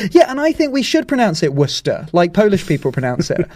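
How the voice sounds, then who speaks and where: A young Englishman chats loosely as a podcast co-host, drifting from point to point and laughing often. His voice sits a little higher than most men's. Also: huge pitch swings, normal speed, darkish tone. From England. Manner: rambling, playful, laughs often. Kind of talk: casual chat.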